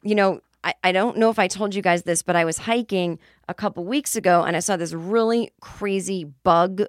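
A woman podcast host in her forties telling a story in a casual monologue, animated and with sudden shrieks. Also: mid-range voice, moderate pace, no echo, studio quality.

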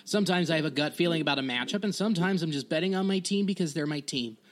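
A man's voice: a little high, fast talker. A man co-hosting a podcast, joking around in casual chat and doing playful ad reads. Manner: joking, playful, breaks into bits. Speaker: podcast co-host.

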